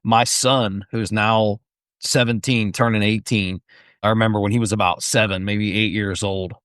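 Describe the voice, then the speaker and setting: A middle-aged man in casual podcast conversation, easygoing and quick to agree with the other speaker. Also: lowish voice, fairly even intonation, fairly bright tone, smooth, no room sound, clean studio sound. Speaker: podcast co-host or guest. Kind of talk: casual chat.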